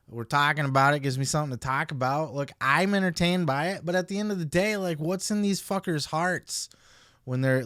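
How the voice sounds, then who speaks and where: A man's voice: on the high side, fairly bright tone, no echo, clean studio sound. Blunt, swearing podcast host, man. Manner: blunt, profane, opinionated. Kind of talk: casual podcast commentary.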